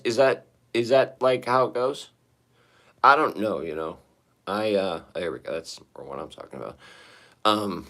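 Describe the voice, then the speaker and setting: Hoarse, shaky-voiced man rambling to chat. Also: mid-range voice, fairly bright tone. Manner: rambling, profane, talking to chat. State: hoarse, shaky voice after singing. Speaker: livestreamer. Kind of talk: casual live-stream chat. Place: sitting in a bathroom.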